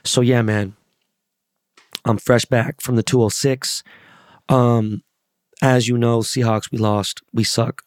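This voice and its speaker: A man hosting his podcast with a hoarse, worn-out voice from yelling, talking casually, bluntly and with lots of swearing. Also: mid-range voice, little pitch movement, slow, long pauses, no room sound, clean studio sound. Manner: blunt, swears a lot, rambling. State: hoarse, lost voice. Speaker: podcast host. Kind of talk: casual profane podcast monologue.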